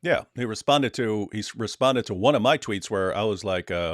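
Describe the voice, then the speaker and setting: A man's voice: on the low side, brisk, hardly any pauses, no echo, studio quality. A man co-hosting a casual livestream chat, rambling and laughing as he talks. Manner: rambling, laughing, mock accents. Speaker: co-host.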